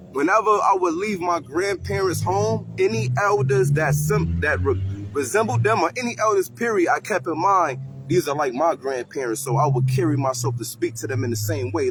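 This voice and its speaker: Man, fairly high voice, casual slangy street talk, outdoors, faint traffic behind. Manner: animated, slangy, talks to passersby. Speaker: host of street interviews.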